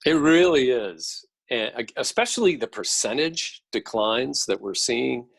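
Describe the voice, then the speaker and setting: A middle-aged man speaking as a podcast guest and policy expert, explaining in a measured way. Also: medium pitch, animated, creaky, husky, dry recording, low-quality recording. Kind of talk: podcast interview.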